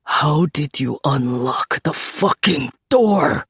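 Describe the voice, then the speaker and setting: Gravelly mafia king, raspy, slow and menacing, lively swings in pitch, dry close recording. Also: no room sound, heavily acted. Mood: raging. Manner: slow, low and threatening, bursting into shouts. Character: menacing male mafia boss, cold and furious. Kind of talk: dark romance audiobook acting.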